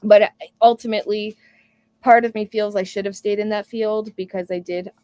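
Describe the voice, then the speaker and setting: A woman's voice: medium pitch, steady tone, normal speed, mellow, clean tone, no echo. A woman hosting a casual live stream, talking earnestly and reading viewer comments aloud. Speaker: homestead live stream host.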